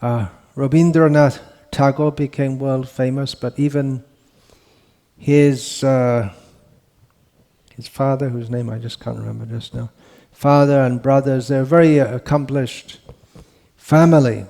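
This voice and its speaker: Mellow-voiced man giving a rambling lecture. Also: medium pitch, fairly even intonation, creaky. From India. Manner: unhurried, rambling, frequent restarts and fillers. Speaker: monk lecturer. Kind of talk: scriptural lecture.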